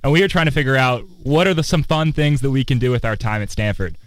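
A man's voice: medium pitch, quick pace, no echo. Playful young man chatting on a dry mic. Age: 20s. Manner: playful, rambling. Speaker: student radio host. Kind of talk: casual chat. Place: outdoors on a campus quad.

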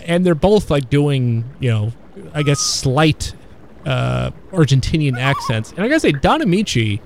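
A man in casual conversation about old films, talking in a halting, rambling way with many fillers and restarts. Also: mid-range voice, slight background noise. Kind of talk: casual film discussion.

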